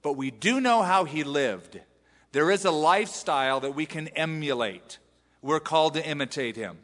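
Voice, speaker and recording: Bright-voiced American pastor in a big hall. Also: male voice, fairly high pitch, lively intonation, normal speed. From US West Coast. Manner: conversational, self-deprecating, with restarts. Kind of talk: sermon. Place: large church hall.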